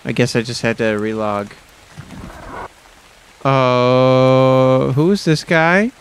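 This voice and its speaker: A man casually commenting on his own video game play, excitable and self-mocking, yelping when surprised. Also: mid-range voice, moderate pace, slight background noise. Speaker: gaming YouTuber.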